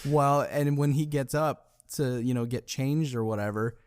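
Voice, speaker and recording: A man's voice: mid-range voice, moderate pace, darkish tone, clear, resonant tone, no room sound, clean studio sound. A man with a mid-range voice chats as a podcast co-host, jumping in to correct and add details. He speaks at an easy, everyday pace. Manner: chatty, adds corrections and details. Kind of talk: casual chat about a film.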